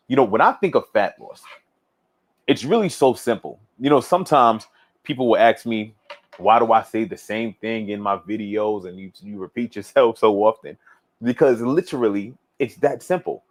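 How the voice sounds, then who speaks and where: A man hosting a fitness livestream, chatting casually and reading viewer comments aloud, relaxed and rambling, repeating himself and laughing often. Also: on the low side, normal speed. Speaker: fitness coach livestream host.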